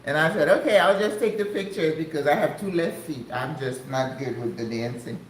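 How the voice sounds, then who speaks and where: An older woman from the United States chatting casually to her viewers, exclamatory and quick to laugh. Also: low-pitched, a little hiss or hum. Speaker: vlogger. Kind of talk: casual chat. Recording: echoey room.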